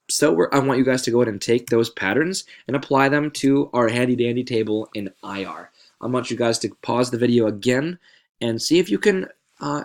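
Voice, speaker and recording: Gravelly-voiced male Spanish teacher. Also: medium pitch. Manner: patient, repeats words to stress pronunciation. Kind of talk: video lesson narration.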